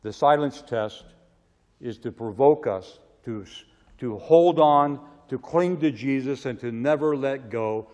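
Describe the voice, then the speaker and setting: A man preaching a sermon, swinging from loud pleading cries to hushed, quiet asides. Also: mid-range voice, unhurried. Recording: long hall reverb.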